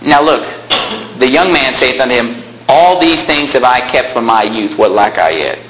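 A man's voice: mid-range voice, animated, normal speed. A man preaching a sermon, telling stories and rising to emphatic peaks. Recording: echoey room with faint noise.

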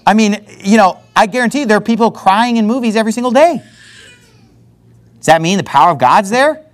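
A man preaching a sermon, talking in an animated way and sometimes mocking other preachers. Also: high voice, a little fast. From not from the American South.

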